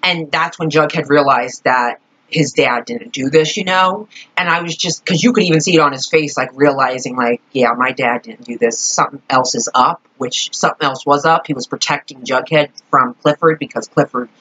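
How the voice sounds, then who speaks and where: A young woman vlogger chatting casually about a show, rambling and expressive, swearing freely. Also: low voice, normal speed. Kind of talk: casual fan chat. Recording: dull lo-fi home recording.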